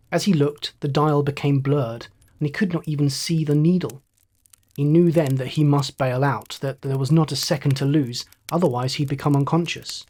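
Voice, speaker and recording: A man reading a bedtime story aloud in a slow, measured, soothing manner. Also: fairly high pitch, a little mellow.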